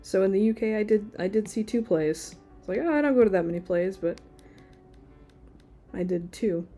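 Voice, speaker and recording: Mellow, chatty woman sketching. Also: medium pitch, moderate pace, faint music behind. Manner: rambling, chatty, lots of "like" fillers. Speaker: artist streaming live. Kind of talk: casual chat while drawing.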